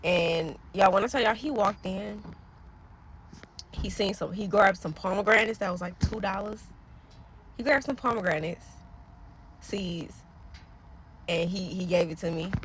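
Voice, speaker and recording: A woman shares a heartfelt personal story straight to her viewers in a loose, rambling way. She often trails off mid-thought and keeps calling out to her audience directly. Her voice sits in an ordinary middle pitch, and faint vehicle noise hums in the background. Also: unhurried, long pauses, fairly bright tone. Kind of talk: casual spoken testimony to followers.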